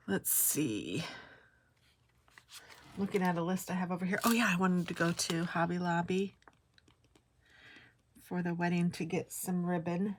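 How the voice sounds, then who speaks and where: A woman's voice: fairly low pitch, a little hiss or hum. A middle-aged woman vlogger telling stories in a casual, chatty way, often breaking into exclamations.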